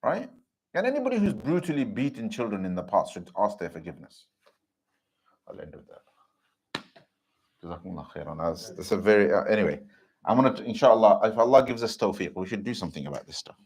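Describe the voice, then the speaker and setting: Low husky guy preaching, super animated ups and downs, keeps checking do you get it. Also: brisk, long pauses. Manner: earnest, keeps asking "do you understand?". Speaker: Islamic teacher giving a talk. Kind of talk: impassioned religious talk.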